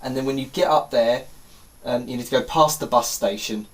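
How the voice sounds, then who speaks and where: A man's voice: mid-range voice, moderate pace, natural voice. A man voicing a blunt, rude local woman giving directions in a matter-of-fact way.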